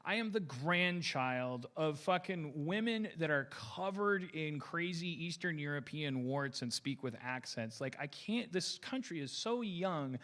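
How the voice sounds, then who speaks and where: Profane rambling man, higher voice. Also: lively intonation, unhurried, few pauses, a bit bright. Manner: rambling, stammering, profane, heated. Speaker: podcast host. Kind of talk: casual podcast rant.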